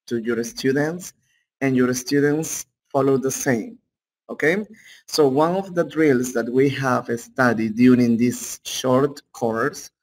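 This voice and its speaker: Male English teacher, Peruvian Spanish accent, slow and steady lecture pace, mid-pitched, keeps checking in with students. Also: rough recording. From Peru. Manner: unhurried, checks in with "okay?". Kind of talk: online class lecture.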